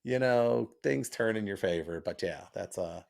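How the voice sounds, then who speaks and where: A man's voice: on the low side, moderate pace, vocal fry. A man co-hosting a comedy talk radio show, telling stories in a casual, laid-back way from the studio. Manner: laid-back, animated storyteller. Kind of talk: casual radio banter and storytelling.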